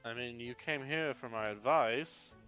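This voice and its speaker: A man voicing a calm male mentor who gives advice in a gently teasing way. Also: mid-range voice, measured pace, faint music behind. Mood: advising.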